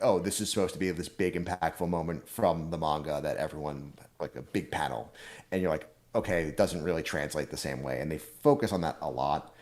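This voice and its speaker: A man with a very low, deep voice, talking as a podcast co-host. He works through his opinions step by step in a measured, even-tempered way. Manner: measured, lays out points in order. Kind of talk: casual chat, anime review.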